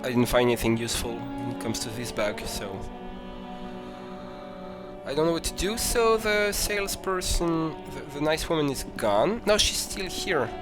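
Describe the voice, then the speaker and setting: A man casually commenting as he plays a detective game, chatty and quick to react with delight. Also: fairly high pitch, very animated, over music. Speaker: let's play host.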